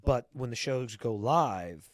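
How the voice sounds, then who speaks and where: A man's voice: mid-range voice, expressive, slow, dry recording, clean studio sound. Blunt, swearing male podcast host. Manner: blunt, heavy swearing, repeats words when starting. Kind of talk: casual profane chat.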